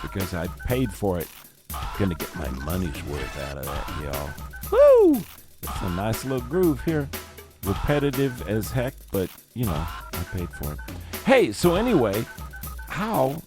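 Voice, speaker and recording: Deep-voiced man rambling through a jokey monologue. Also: darkish tone, breathy edge. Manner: rambling, jokey asides, self-mocking. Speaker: podcast host. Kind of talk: casual comic podcast monologue.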